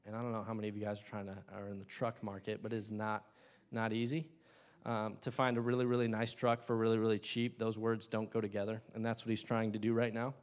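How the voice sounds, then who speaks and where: A young man preaching a sermon in a church, impassioned, swinging between loud bursts and hushed asides. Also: lowish voice, level tone, quick pace. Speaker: lay preacher.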